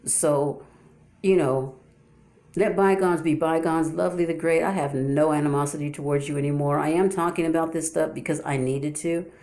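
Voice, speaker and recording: A woman's voice: low-pitched, steady tone, normal speed, a little mellow. A woman talking straight to her viewers in a casual, unscripted monologue, often restarting her sentences and asking rhetorical questions. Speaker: YouTuber addressing viewers.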